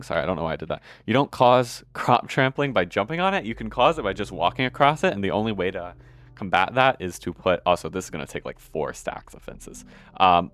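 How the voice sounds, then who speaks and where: Deep-voiced man rambling through gameplay. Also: a bit bright. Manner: rambling, self-correcting, swears casually. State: hiccuping. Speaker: gameplay video host. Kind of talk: casual gameplay commentary.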